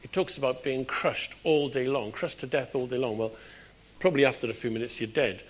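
A British man preaching a conversational sermon in a church, with sudden loud, emphatic bursts. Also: medium pitch, steady tone, fairly quick. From Britain.

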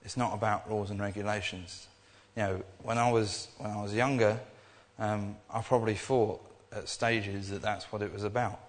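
Young guy preaching, kinda rambly and earnest, lowish voice, big echoey hall. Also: flat delivery, normal speed, few pauses. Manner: rambling and earnest, with many restarts. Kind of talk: informal sermon.

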